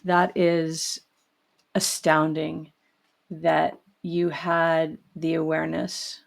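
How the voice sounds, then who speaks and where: A woman's voice: deep voice, flat delivery, very slow, gravelly. A woman hosting an interview, praising her guest effusively and repeating herself for emphasis. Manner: effusive, full of praise and repetition. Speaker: podcast host.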